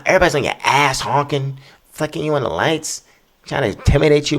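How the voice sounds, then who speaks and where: Profane rambling podcast host, gravelly voice. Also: male voice, on the high side, quick pace, a bit bright. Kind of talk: casual solo rant.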